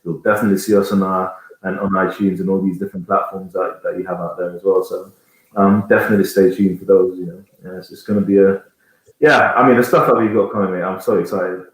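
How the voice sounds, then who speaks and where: Low-voiced man in an echoey room. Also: fairly even intonation, fast. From Jamaica. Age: 30s. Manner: rambling, searching for words, many restarts. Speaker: guest, band singer. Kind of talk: casual interview chat.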